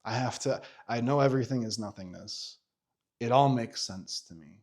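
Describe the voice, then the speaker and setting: A man in his thirties telling a personal story in a candid vlog, animated, swearing freely and full of fillers and restarts. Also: mid-range voice, normal speed. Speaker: vlogger.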